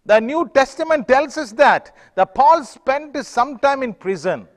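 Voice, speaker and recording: A pastor preaching a sermon in a halting way, with many fillers and restarts. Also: male voice, very high voice, lively intonation, in a large hall.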